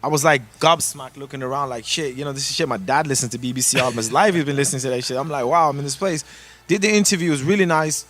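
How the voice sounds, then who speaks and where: A man from Toronto, telling a story in a casual podcast chat, animated and profane, acting out the voices of the people in it. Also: medium pitch, fast. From Toronto, Canada. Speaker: guest musician.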